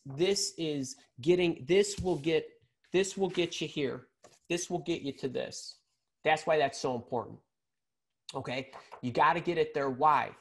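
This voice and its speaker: A man giving a live leadership lesson to an audience as a career coach, energetic, with frequent repeated words and constant checks of "right?", swinging his pitch and loudness for emphasis.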